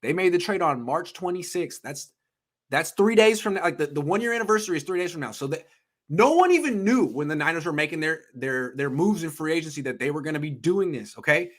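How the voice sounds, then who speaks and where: A man co-hosting a sports talk show, ranting in an emphatic, heated way and swearing as he gets excited. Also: brisk. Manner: ranting, emphatic, swears, pitch jumps when worked up. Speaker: podcast co-host.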